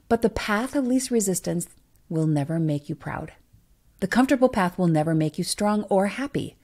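A woman's voice: fairly low pitch, warm tone. A woman hosting a podcast, giving a motivational monologue with emphatic rhetorical questions to the listener. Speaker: podcast host.

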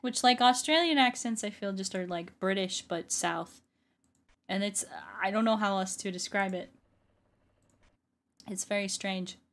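A woman's voice: medium pitch, unhurried, long pauses, a bit bright. Chatty woman narrating her gameplay. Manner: chatty, repeats phrases, laughs often. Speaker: YouTuber and ASMR artist. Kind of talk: casual gameplay commentary.

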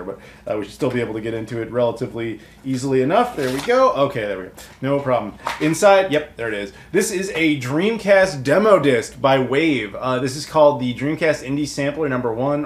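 American male host, mid-pitched, talkative collector unboxing on camera, roomy sound. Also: slight background noise. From United States. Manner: chatty and rambling, with many fillers. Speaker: video game collector YouTuber. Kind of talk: casual unboxing talk to camera.

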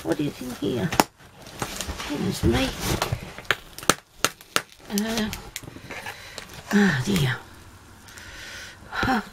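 A middle-aged woman talks her viewers through a parcel, unhurried and chatty, with frequent exclamations. Her voice has a gravelly, creaky edge. The home recording carries a noticeable hiss of background noise. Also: mid-range voice, big pitch swings. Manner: chatty and exclamatory, thinks aloud. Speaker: video blogger opening a parcel. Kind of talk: casual unboxing chat.

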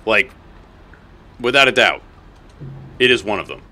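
A man streaming a game, chatting casually with viewers and talking to the creatures on screen, swearing and excitable. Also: on the low side, measured pace. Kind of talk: casual gameplay commentary.

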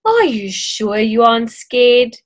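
Brief: woman doing a level-headed young schoolgirl, gently teasing, bright and slow. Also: on the high side, very animated. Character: calm, curious young schoolgirl.

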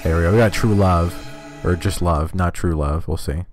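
A man streaming a video game, giving profane, rambling, self-mocking commentary in one steady speaking voice. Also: deep voice, normal speed, faint music behind. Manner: talks in one steady voice, cannot scream. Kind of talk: casual live-stream commentary.

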